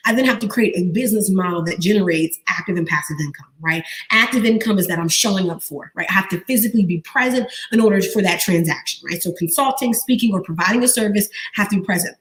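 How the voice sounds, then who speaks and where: A young woman leads a live online training as a business coach. She fires questions at her viewers and repeats her prompts over and over in a lively call-and-response way. Her pitch sits in the middle for a woman, and the sound is that of a webcam live stream. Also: fast talker, hardly any pauses.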